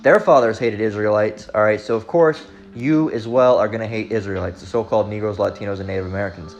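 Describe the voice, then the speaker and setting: A man's voice: lowish voice, fast, gravelly, muffled recording, faint music behind. A man preaching in a loose, rambling way, constantly saying "all right" and speaking bluntly with profanity. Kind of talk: informal religious teaching monologue.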